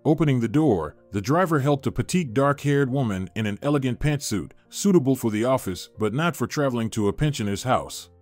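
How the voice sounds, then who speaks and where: A man reading a moral story as a measured, steady narrator. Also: mid-range voice. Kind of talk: scripted narration. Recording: dry studio voice-over with soft music. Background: faint music.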